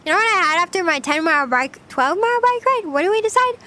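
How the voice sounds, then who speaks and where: A woman's voice: very high-pitched, animated, fast talker, sharp tone. A young woman streaming casual chat, playful and chatty, often giggling as she reads her chat. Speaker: VTuber streamer.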